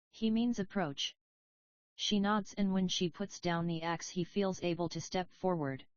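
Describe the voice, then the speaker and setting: Plain, even woman audiobook reader for stage directions; dry close sound, slightly dull. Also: on the low side, measured pace, clean tone, no echo. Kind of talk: reading stage directions aloud.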